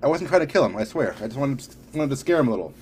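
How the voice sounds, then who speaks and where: A man's voice: mid-range voice, sing-song, rapid-fire, a little hiss or hum, voice pushed up, lightly acted. A man voicing a cocky young male superpowered rogue in an audiobook reading, sarcastic and defensive.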